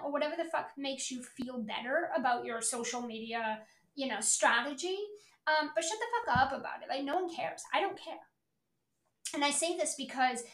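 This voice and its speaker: In a reverberant space, a middle-aged woman with a high-pitched, somewhat bright voice hosts a podcast as a sales coach. She delivers a blunt motivational rant about selling, brash, emphatic, and full of profanity.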